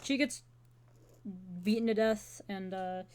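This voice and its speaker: A woman's voice: medium pitch, takes it slowly, a little mellow, slight background noise. A woman running a tabletop one-shot as game master, rambling with joking asides.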